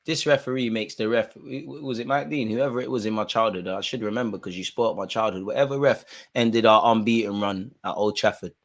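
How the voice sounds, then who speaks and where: A man co-hosting a live football watch-along, exasperated and heckling the referee, dropping into mutters and rising to shouts with plenty of street slang. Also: medium pitch. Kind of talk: live match commentary and banter.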